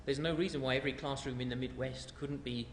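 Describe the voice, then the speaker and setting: Man, rapid talk, thinking aloud, echoey hall. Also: mid-range voice, fairly even intonation, slight background noise. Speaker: panelist. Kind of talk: panel discussion answer. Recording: echoey hall with faint ambience.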